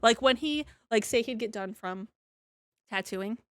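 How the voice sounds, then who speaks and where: A woman's voice: on the high side, a little slow, fairly bright tone, no echo, clean studio sound. A young woman co-hosting a podcast, chatting casually and ramblingly about a book, filling her talk with "like" and casual swearing. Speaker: podcast co-host. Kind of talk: casual chat, book review.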